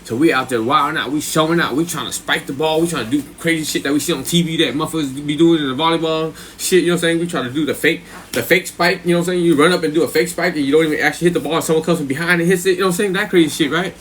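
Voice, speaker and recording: Brief: male livestreamer, slightly high voice, rambling and profane storytelling with a faint hum behind. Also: racing, a bit bright. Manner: profane, rambling, with frequent "right?" and "you know what I'm saying". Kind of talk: casual storytelling on a live stream.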